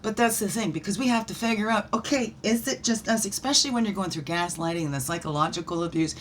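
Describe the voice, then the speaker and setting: A woman leading a daily spiritual reflection while pulling oracle cards, animated and encouraging, with playful asides. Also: medium pitch, quick pace, a little hiss or hum. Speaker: spiritual guide.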